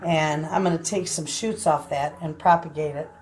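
A woman's voice: sits low, steady tone, moderate pace, a little mellow, faint music behind. An older woman vlogging casually from her home kitchen, chatting to her viewers as friends. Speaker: homestead vlogger.

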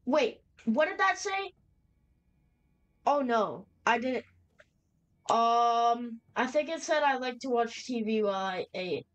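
Young woman, horror let's-play commentary, raised pitch, unhurried delivery, nervous slangy reactions. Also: expressive, muffled recording. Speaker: gamer playing a horror game.

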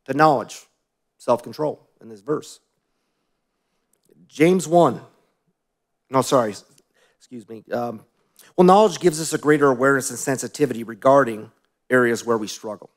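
Brief: male pastor, mid-pitched voice, relaxed storytelling sermon with questions to the congregation and quiet asides.

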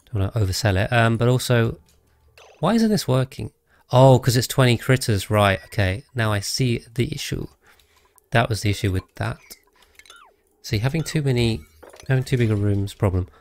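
A man's voice: mid-range voice, animated, moderate pace, darkish tone. A man streaming a video game live, thinking aloud and chatting casually with his viewers as he plays. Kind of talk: casual live gameplay commentary.

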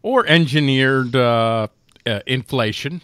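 A man's voice: mid-range voice, slow, fairly bright tone, clean tone, dry recording, clean studio sound. A man co-hosting a podcast, chatting casually and sarcastically with rambling restarts. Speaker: podcast co-host. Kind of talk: casual political chat.

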